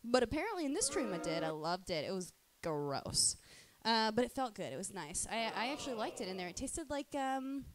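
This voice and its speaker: A woman with a somewhat high voice rambles through a casual monologue on a live stream. She swears freely and fills her sentences with fillers as she talks. There is a faint hiss behind her. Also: very animated, brisk, few pauses. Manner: crude, profane, rambling with many fillers.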